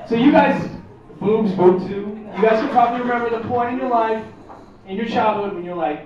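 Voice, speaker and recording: A man from Texas performing a stand-up comedy set at a pub, talking to the crowd with quick asides. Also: high voice, slight background noise. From Texas, USA. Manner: animated, conversational, frequent asides to the crowd. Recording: echoey distant muffled pub recording, crowd.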